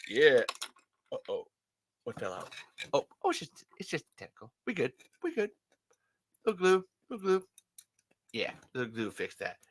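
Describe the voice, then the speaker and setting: An excited vlogger, gasping and rambling while unboxing collectibles. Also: medium pitch, moderate pace, long pauses, husky. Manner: giddy, gasping, swearing, rambling.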